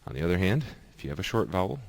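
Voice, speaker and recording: A man with an exceptionally deep, low voice walks through a lesson. He talks patiently and explains step by step, repeating each example so it sinks in. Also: big pitch swings, rapid-fire, vocal fry. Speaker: teacher.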